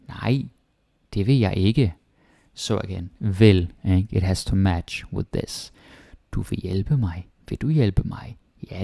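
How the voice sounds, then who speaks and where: A man from Denmark with a Danish accent, teaching Danish grammar in a casual lesson and repeating example phrases slowly. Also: on the low side, creaky, dark tone, no room sound, studio quality. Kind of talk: casual online language lesson.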